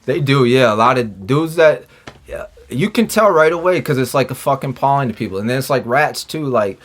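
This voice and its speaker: A man's voice: mid-range voice, animated, brisk. A man telling his prison stories in a casual interview, swearing freely, restarting sentences and acting out quoted dialogue. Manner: profane, rambling, with filler-heavy restarts; acts out his own and others' lines in quoted dialogue. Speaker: podcast guest, former prisoner.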